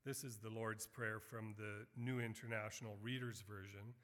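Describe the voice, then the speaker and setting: A middle-aged man preaching a sermon as a missionary, earnest and building to emphatic, animated quotes. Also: on the low side, normal speed. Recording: long hall reverb.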